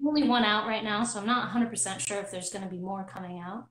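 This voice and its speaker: A woman hosting an online movie discussion, talking casually with many pauses and restarts. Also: mid-range voice, a bit bright, reverberant, slight background noise, poor audio. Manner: friendly, hesitant, many ums and restarts. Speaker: host of a movie discussion club.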